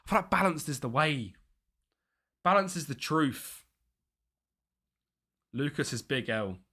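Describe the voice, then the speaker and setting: Young male streamer, bright animated voice, thinks aloud, casual live play-by-play. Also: a little high, unhurried, slightly rough. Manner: chatty, mutters and thinks aloud, excited bursts at chances. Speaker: streamer playing a football management game. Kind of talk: live gameplay commentary.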